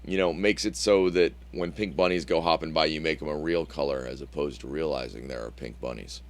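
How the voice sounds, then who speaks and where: Playful low-voiced man on a podcast. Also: steady tone, fairly quick. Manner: playful, questioning, drops to a mumble at phrase ends. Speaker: podcast co-host. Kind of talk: casual chat.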